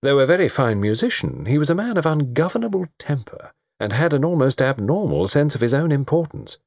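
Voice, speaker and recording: A man narrating a story in an expressive reading. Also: mid-range voice, fairly quick, no echo, clean studio sound. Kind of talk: audiobook narration.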